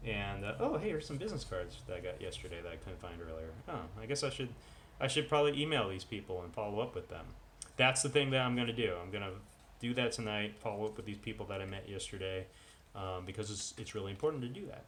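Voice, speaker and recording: A man's voice: fairly low pitch, animated, fast talker, a bit bright. A man vlogging at home in casual chat, rambling and full of self-deprecating asides. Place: at home with dogs.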